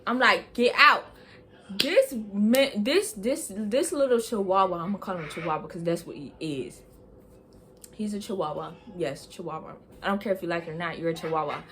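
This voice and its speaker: A young woman vlogger telling a heated storytime, talking in an animated, emphatic and slangy way. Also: fairly low pitch, brisk, slight background noise. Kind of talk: storytime vlog.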